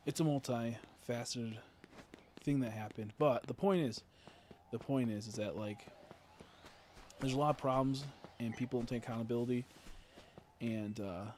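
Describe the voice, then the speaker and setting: A young adult man ranting in casual live-stream chat while playing a game, swearing freely and filling pauses with "like" and "uh". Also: mid-range voice, darkish tone, slight background noise. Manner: ranting, swears a lot, many fillers.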